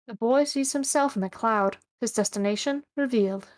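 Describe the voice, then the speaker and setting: Woman guest co-reader, slightly high voice, plain narration with wry asides. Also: normal speed. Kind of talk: casual live read-along chat.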